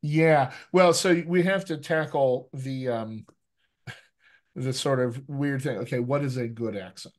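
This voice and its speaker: A man's voice: medium pitch, unhurried. Emphatic man coaching accents. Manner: emphatic, conversational, frequent "right?" checks. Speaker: dialect coach. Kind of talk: teaching an online workshop.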